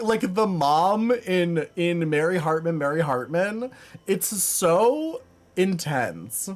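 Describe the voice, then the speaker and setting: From a room at home, a man with a high, sing-song voice live-streams and chats casually with viewers, taking his time. He rambles with plenty of fillers and laughs frequently.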